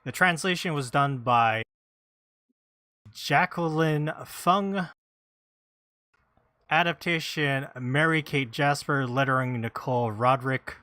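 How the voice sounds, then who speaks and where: A man hosting a casual podcast, reading credits and blurbs in a halting, self-deprecating way. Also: a little high, bright, forceful tone, no room sound, clean studio sound. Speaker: podcast host.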